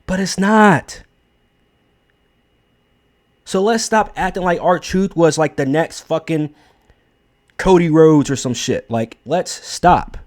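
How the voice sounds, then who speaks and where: A young man talks through his take in a casual, unscripted way, blunt and emphatic and sprinkled with profanity. He restarts sentences and leans on fillers as he thinks aloud. His voice sits a little higher than most men's. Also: takes it slowly, long pauses. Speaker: wrestling commentary host. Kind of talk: casual opinion commentary.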